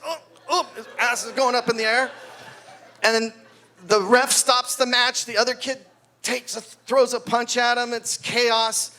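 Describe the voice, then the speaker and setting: Older guy in his 60s doing stand-up, high bright voice, acts out the kids. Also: a little hiss or hum. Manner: animated storyteller, acts out kids' voices. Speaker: wrestling coach doing stand-up. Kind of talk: stand-up comedy at a party. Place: party venue with live audience.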